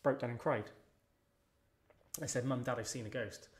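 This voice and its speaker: A man's voice: mid-range voice, normal speed. Blunt, swearing man telling stories. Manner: blunt, swears freely, animated retelling. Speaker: podcast guest. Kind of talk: casual storytelling chat.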